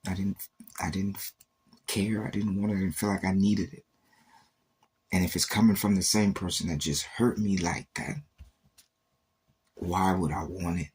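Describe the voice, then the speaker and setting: A man's voice: deep voice, steady tone, normal speed, pauses often, a little mellow, a little hiss or hum. A man on a livestream giving an intense, emotional faith testimony, repeating himself and acting out quoted exchanges.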